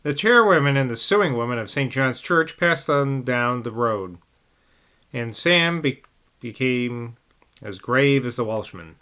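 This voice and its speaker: A man's voice: mid-range voice, animated, unhurried, bright, forceful tone, clear, resonant tone. A man reading a novel aloud, carefully, with occasional slips and restarts. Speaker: audiobook reader.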